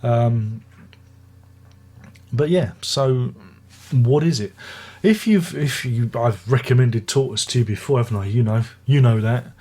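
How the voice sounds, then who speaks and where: A man's voice: medium pitch, measured pace, dark tone, slightly rough. An older British man reviewing an album in a casual, rambling way, often restarting his sentences and making chatty asides. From Britain. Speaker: music reviewer.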